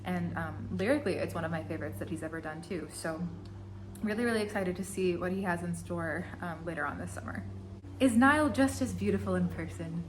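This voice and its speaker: A woman's voice: fairly low pitch, a little fast, background noise. A young woman in her twenties, a singer and vlogger, answering fan questions in a giggly, chatty and playful way. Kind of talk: casual Q&A vlog.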